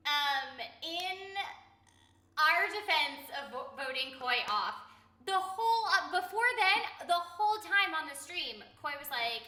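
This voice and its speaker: A woman's voice: high voice, lively intonation, takes it slowly, pushed and bright. A woman streaming a game, chatting in a bubbly way and reading viewers' messages aloud. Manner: bubbly, reads chat aloud. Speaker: streamer and voice actor. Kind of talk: casual livestream chat. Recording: echoey room.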